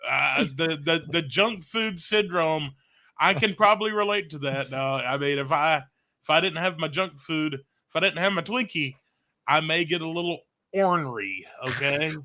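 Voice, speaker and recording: A man's voice: fairly high pitch, normal speed, bright, forceful tone. A man co-hosting a casual talk show, reading out date facts with a joking manner. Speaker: radio morning show co-host.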